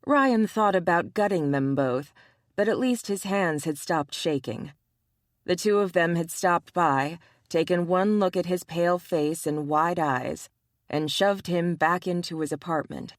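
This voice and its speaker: Lady reading a romance audiobook, slow and lowish, super dry sound. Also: dry recording. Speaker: audiobook narrator. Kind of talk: scripted narration.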